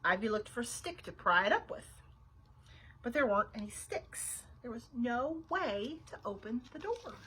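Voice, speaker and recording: A librarian reading a children's chapter book aloud with expressive, animated delivery and asides. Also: female voice, on the high side, normal speed, breathy edge, poor audio. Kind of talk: children's storytime read-aloud.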